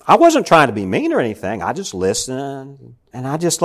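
A man's voice: medium pitch, sing-song, brisk. A male pastor preaching a sermon in a church, telling stories and calling out to the congregation. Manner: storytelling, calls out to the congregation.

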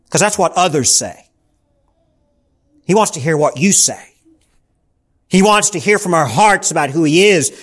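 A man preaching a Bible teaching sermon, slow and emphatic, repeating the key question with dramatic pauses. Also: high voice, fairly bright tone.

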